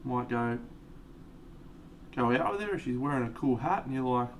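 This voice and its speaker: A man's voice: medium pitch, animated, normal speed, recorded from a distance, slight background noise. A man with an Australian accent, chatting casually and rambling as he paints miniatures on a live stream and answers viewers.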